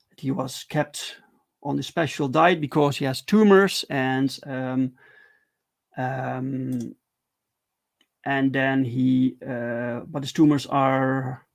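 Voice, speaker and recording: A man casually walking viewers through his own comic on a livestream, halting and repeating words, enthusiastic about the artwork. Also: mid-range voice, gravelly. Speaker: comic creator streaming.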